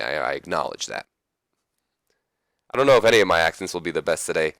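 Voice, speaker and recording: A man's voice: extremely low pitch, expressive, a little fast, creaky, long pauses, a bit bright, no room sound. A young man casually narrating a wrestling management game, reading out results and making chatty, self-deprecating asides on a close microphone. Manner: chatty, reads event text aloud, self-deprecating asides. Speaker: let's play narrator.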